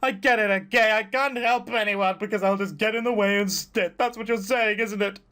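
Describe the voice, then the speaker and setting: A frantic, self-doubting teenage boy, as a man puts him on, his voice pitched high and swinging wildly as he shouts close to tears. A video game character read aloud from a visual novel. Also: sing-song, brisk. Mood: upset. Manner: upset, near tears, shouting.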